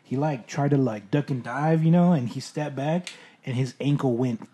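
A man's voice: medium pitch, normal speed, background noise. A young man, telling stories in loose, profane casual chat.

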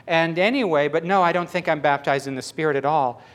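A man's voice: a little high, a little fast. A man preaching a sermon in a conversational, emphatic way.

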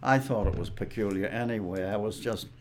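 An older man, a guest actor, telling anecdotes in a measured, dry way during an interview. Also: fairly low pitch, crowd noise.

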